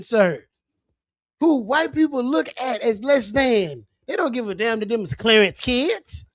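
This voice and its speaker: Slow, halting man in casual chat. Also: extremely high pitch, lively intonation, dry recording. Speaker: podcast co-host.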